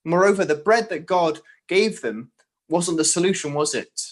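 A man's voice: on the high side, normal speed. Earnest male preacher asking questions. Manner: earnest, rhetorical questions to listeners. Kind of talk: sermon.

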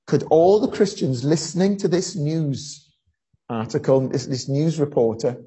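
A preacher giving a sermon, telling a story earnestly with frequent pauses and fillers. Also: mid-range voice, mellow, slightly rough, rough recording.

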